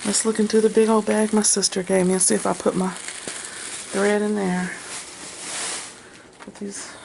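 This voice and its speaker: Woman crafter, gravelly low voice, rambling home vlog chat, noisy room. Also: flat delivery, unhurried. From United States. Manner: chatty, talks to herself while rummaging, laughs often. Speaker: crafter and vlogger. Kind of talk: casual chat to viewers.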